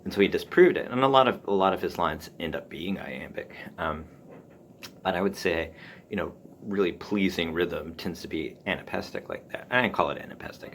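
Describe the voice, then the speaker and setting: Very low-voiced gravelly man musing. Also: a bit bright, a little hiss or hum. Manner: musing, halting, with frequent ums and restarts. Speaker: podcast host. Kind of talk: casual solo talk on writing.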